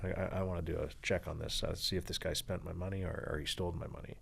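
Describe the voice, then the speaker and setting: A man with a deep, low-pitched voice and a gravelly edge tells his story as a podcast guest. He talks in an animated, headlong way, curses freely, and slips into the voices of the people he is quoting. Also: slight background noise. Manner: swearing freely, acting out quoted voices; animated, rushing through a story. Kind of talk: storytelling in an interview.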